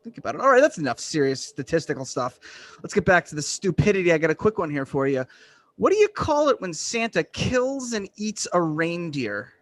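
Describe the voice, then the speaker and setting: A man from Western Massachusetts doing a deadpan, self-deprecating stand-up set over a video call. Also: on the high side, normal speed. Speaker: stand-up comedian.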